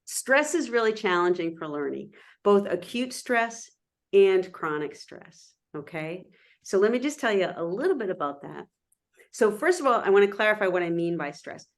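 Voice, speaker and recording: A middle-aged woman giving a lively, interactive online lecture over a video call, often checking in with her listeners. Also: medium pitch, moderate pace. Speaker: guest presenter.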